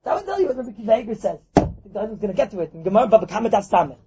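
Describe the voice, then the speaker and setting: A man giving an animated Talmud class, acting out little scenes and mixing Hebrew and Yiddish terms into his talk. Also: high voice, rapid-fire, muffled recording, background noise. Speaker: Torah teacher.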